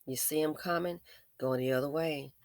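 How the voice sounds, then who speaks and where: A woman's voice: sits low, steady tone, moderate pace, darkish tone, no echo, clean studio sound. Emphatic, preachy woman vlogger. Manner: emphatic, preachy, talks straight to viewers. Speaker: vlogger, business owner. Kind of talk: commentary vlog, advice to viewers.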